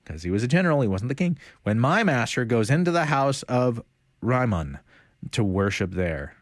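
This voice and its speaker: A man teaching a casual Bible study, animated and conversational, retelling stories in everyday speech. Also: medium pitch, dry recording, clean studio sound.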